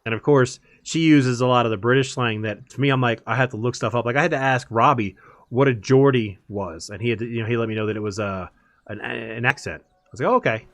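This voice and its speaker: A man's voice: mid-range voice, a little fast, fairly bright tone, dry recording, clean studio sound. A man chatting casually while streaming a game, rambling and laughing easily. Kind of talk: casual chat while gaming.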